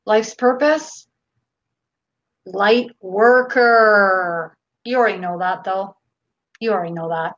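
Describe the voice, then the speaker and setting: A woman's voice: medium pitch, slow pace, pauses often, lo-fi sound. A Canadian woman hosting a live channeling session, reading viewer questions aloud in a casual, unfiltered way. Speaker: host.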